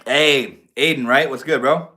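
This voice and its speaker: A man's voice: medium pitch, steady tone, a little slow, sharp tone. A young man from Maine hosting a casual livestream, chatting in a slangy, laid-back way and answering viewers. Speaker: livestream host.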